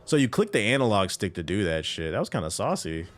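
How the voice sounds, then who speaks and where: Guy streaming a game, kinda low voice but bounces all over, cussing and chatting w/ chat. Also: sing-song, fast talker, faint music behind. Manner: loose, profane slang, reacts to chat. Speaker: gaming streamer. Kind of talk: casual live-stream commentary while playing.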